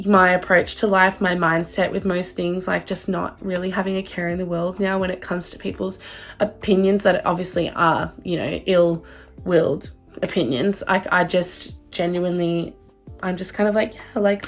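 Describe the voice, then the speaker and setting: A young woman in her twenties, gushing about a book in an excitable, casual vlog outro at home, swearing freely. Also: medium pitch. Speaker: book vlogger.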